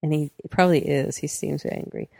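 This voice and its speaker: A woman co-hosting a casual podcast, her voice a bit low with a gravelly fry. She tells stories with a laugh and slips into quick impressions of the people in them. The sound is dry and close. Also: fairly even intonation, darkish tone, dry recording. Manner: laughs often, acts out quoted voices. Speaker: podcast co-host. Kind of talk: casual storytelling chat.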